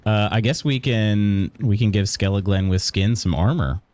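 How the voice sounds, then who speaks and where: Deep-voiced man chatting through a game stream. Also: moderate pace, dry recording. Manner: relaxed, chatty, thinks aloud while playing. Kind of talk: casual live-stream gaming chat.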